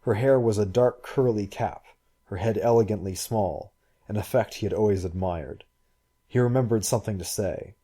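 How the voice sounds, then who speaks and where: A low-voiced man narrates a story at a measured, even pace. His tone is dark and mellow with a husky edge. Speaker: audiobook reader. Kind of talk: scripted narration.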